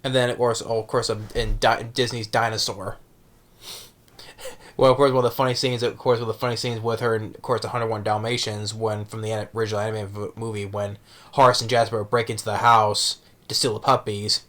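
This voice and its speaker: Man, casual movie vlog, halting, lots of fillers and restarts. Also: on the low side, level tone, fairly bright tone. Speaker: movie reviewer.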